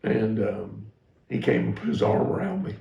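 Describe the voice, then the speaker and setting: Middle-aged male pastor, low gravelly voice, candid self-deprecating teaching talk, echoey room. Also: big pitch swings, moderate pace, dark tone, highs cut off. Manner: candid, self-deprecating storytelling with frequent restarts. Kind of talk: personal teaching talk to ministry staff.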